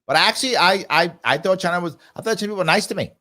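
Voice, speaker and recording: A man's voice: sits high, rapid-fire, bright, forceful tone. A man hosting a live ask-me-anything show, answering viewer comments and telling a travel story in an emphatic, conversational way. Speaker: livestream show host.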